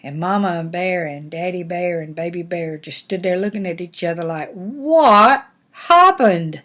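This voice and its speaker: An older woman, a grandmother, telling a bedtime-style fairy tale to her grandchildren in a folksy, animated, homespun way. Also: fairly low pitch, moderate pace. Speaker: grandmother reading stories. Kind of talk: storytelling to grandchildren.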